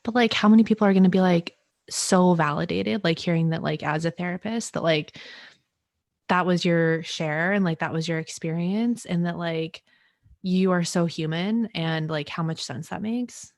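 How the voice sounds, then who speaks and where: Eager low-voiced woman podcaster. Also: moderate pace, dry recording, clean studio sound. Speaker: podcast co-host. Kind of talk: casual podcast chat.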